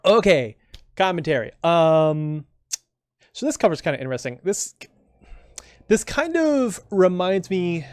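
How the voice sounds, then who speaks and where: A man giving casual commentary on his own comic, rambling along with dry, sarcastic asides. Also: on the high side. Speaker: comic creator.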